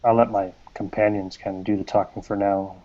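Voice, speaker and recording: Man calmly stating his moves. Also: fairly low pitch. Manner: deliberate, states his actions. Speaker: player. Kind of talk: casual tabletop play. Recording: lo-fi, dull recording.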